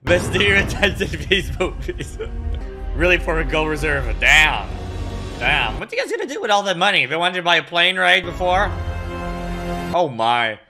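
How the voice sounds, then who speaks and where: Host reacting to movie, excitable and a bit tired, slightly high voice, music playing. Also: male voice. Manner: excitable exclamations and quick questions. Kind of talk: casual reaction commentary.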